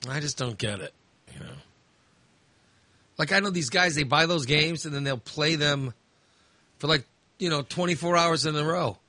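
Rambling chatty man, bright and dry. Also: on the high side, moderate pace, pauses often, no room sound. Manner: rambling, hesitant, many fillers and restarts. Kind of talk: casual chat.

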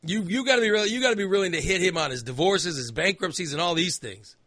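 A man's voice: high voice, quick pace, sharp tone, no echo. A man hosting a talk show, delivering an opinionated monologue in a ranting, sarcastic, exasperated way into a studio microphone.

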